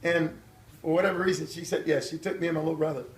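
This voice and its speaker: An older man telling his life story to a church audience, animated and acting out voices and shouts. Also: a little high, quick pace. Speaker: guest speaker. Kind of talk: storytelling testimony at a church event. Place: church hall. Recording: echoey hall from far off.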